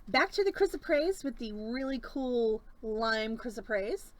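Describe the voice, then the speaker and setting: A woman's voice: on the high side, rough recording. A woman in her forties hosting a live-stream bead sale, chatting casually, rambling into stories and laughing often.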